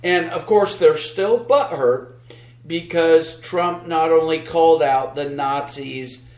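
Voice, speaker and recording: A man's voice: fairly high pitch, slow, a little mellow, echoey room. A man co-hosting a podcast, giving sarcastic, combative political commentary and reading news aloud with asides. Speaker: podcast co-host.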